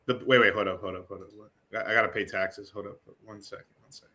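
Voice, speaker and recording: A man co-hosting a livestream, joking in animated slang and swearing freely. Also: on the low side, fast. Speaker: co-host. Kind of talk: casual livestream banter.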